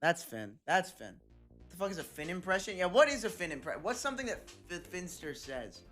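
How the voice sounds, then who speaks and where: A man's voice: high voice, very animated, moderate pace, a bit bright. A man streaming, chatting casually with viewers, joking crudely and reading chat aloud. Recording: background music under voice. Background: game music.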